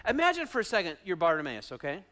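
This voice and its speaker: Animated high-voiced pastor preaching. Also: male voice, fast. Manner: dramatic, acts out quotes, swings from loud shouting to hushed asides. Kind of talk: sermon.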